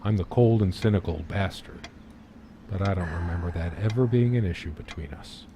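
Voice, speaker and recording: A man voicing a brooding middle-aged husband who recalls his wife in a wistful, slow inner monologue, from a game. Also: low-pitched, noisy background, lightly acted. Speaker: game protagonist narrator. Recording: game audio with loud music.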